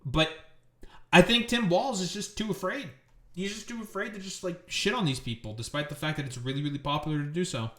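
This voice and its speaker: A man in a loud, profane rant reacting to news clips, his voice pitched a little higher than most men's. He sounds like he is in an echoey room. His delivery is angry and blunt, with plenty of swearing. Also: brisk. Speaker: political commentary streamer.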